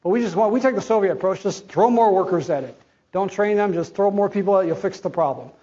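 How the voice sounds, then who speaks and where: Blunt, high-voiced man giving a talk. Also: quick pace, mellow, lo-fi sound. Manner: blunt, conversational, slangy asides. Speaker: chief medical officer giving a conference talk. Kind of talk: conference talk.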